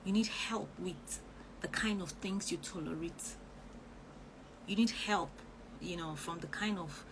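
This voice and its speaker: A woman coach talks on a live stream, earnest and preachy, with sudden animated bursts. Her voice sits low in pitch, and steady background noise runs under the audio. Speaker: relationship coach. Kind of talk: live-stream chat reading comments.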